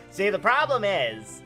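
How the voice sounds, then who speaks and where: A man's voice: sits high, sharp tone. A man producing a stream, joking around in casual, playful banter.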